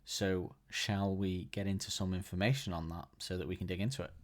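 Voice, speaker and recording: A man hosts a solo podcast, chatting casually and with enthusiasm while rambling and frequently restarting his sentences. His voice is low and brisk, with fairly even intonation.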